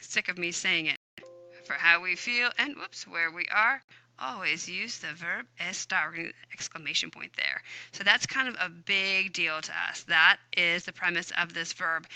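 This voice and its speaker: Woman, teacher, screen-recorded grammar lesson, upbeat, chatty, smooth clear voice, dry close sound. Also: fairly low pitch, sharp tone, no room sound. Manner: upbeat, chatty, talks to herself while typing. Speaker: Spanish teacher.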